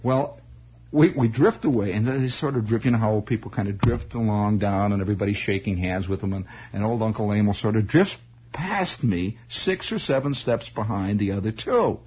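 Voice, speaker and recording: A man telling a personal story in a halting, rambling way, full of restarts and asides. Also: fairly low pitch, breathy edge. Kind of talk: spoken storytelling monologue. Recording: dull lo-fi old recording.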